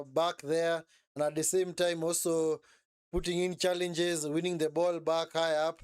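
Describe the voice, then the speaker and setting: A man delivers excitable live match commentary and chat for his stream, looping phrases and frequently asking "eh?" at the end of lines. His voice, a little high, is smooth and clear. Sound is close and dry, with no echo.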